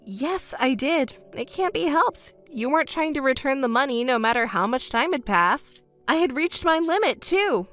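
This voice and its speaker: A woman reading as a betrayed wife in a texting story, scornful, sharp and mocking. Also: high voice, expressive, normal speed, hardly any pauses, soft background music. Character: betrayed wife, adult woman, cold and cutting.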